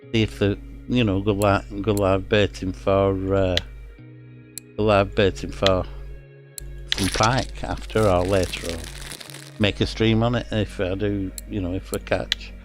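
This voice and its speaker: A middle-aged man from England with a Lancashire accent, giving casual, rambling commentary on a fishing game with many fillers and restarts. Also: fairly low pitch. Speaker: streamer.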